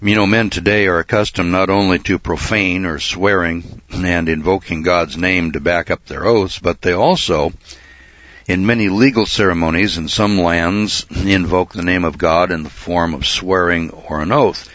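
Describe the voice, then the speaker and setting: A man preaching a folksy sermon and Bible study, often saying uh and clearing his throat. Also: deep voice, fairly even intonation, moderate pace, a bit bright, no echo, lo-fi sound. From United States.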